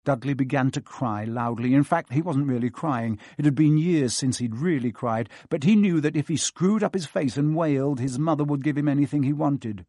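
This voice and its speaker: A man reading an audiobook with lively, expressive narration. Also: mid-range voice, moderate pace, hardly any pauses, no room sound, clean studio sound.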